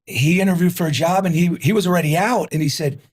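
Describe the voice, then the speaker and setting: A husky-voiced man in his fifties from New Jersey, a guest on an interview show. He tells his story in an energetic, punchy way, driving points home with repeats. His voice sits a little high for a man. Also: quick pace. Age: 50s.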